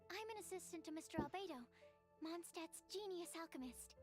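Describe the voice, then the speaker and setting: A woman's voice: very high-pitched, brisk, darkish tone, faint music behind. A woman voicing a timid, polite young female alchemist in a video game, speaking in a shy, stammering, formal way.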